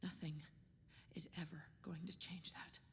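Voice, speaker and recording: An actress playing a tough, protective young older sister in an animated series, speaking softly. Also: female voice, deep voice, unhurried, big-room sound, background noise. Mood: tender.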